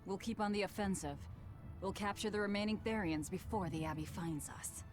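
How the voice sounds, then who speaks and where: A woman's voice: medium pitch, fairly quick, over music, close to an everyday voice. An actress playing a blunt, curt young woman leading a group in a video game.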